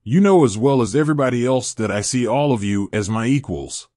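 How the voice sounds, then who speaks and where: A man voicing a young male demon king who speaks softly and teasingly, in a storybook reading. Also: mid-range voice, animated, brisk, no room sound, studio quality, close to an everyday voice. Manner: soft, teasing.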